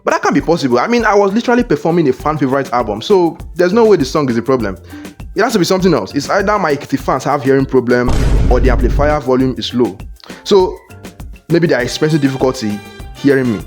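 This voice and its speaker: Nigerian male comic storyteller, animated and playful, rapid talker. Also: mid-range voice, faint music behind. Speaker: comedic storyteller. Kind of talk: comedy skit narration.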